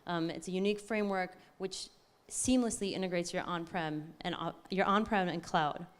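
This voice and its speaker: A woman speaks at a tech conference with a slightly low, excited voice. She talks in a chatty way and often stops to correct herself. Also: moderate pace, clear, resonant tone. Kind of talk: live conference talk.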